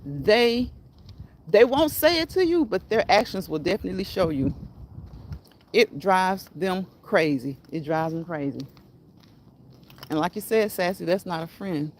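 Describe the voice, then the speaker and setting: A woman's voice: on the low side, expressive, unhurried, long pauses, darkish tone. Lady talking on her live, repeats herself, laughs at her own lines, bit of faint noise behind. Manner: repetitive, encouraging, laughs at own phrases. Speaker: livestream host. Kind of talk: casual live-stream chat.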